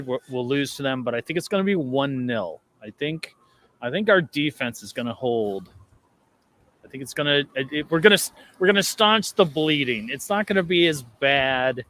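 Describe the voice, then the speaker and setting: A tired man chatting casually about football on a fan show, stammering and restarting as he gets animated. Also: medium pitch. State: tired after a night out. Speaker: regular panelist on a fan show.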